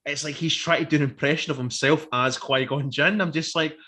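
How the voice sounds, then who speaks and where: Bright animated man. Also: a little high, fairly quick. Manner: animated, swearing, acts out quotes. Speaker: podcast co-host. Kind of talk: casual review chat.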